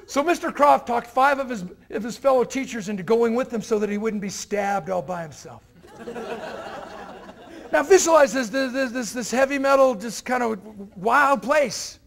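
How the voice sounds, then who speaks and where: A man's voice: very high voice, moderate pace, gravelly. A man giving a motivational keynote to university students, telling stories and acting out the characters in them. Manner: animated, acts out characters in his stories. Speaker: motivational speaker. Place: university event hall.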